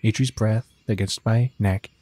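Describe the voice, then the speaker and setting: A man's voice: lowish voice, fairly even intonation, unhurried, warm tone. A man hosting a let's play, reading a visual novel aloud and commenting casually, swearing a lot in a laid-back, rambling way.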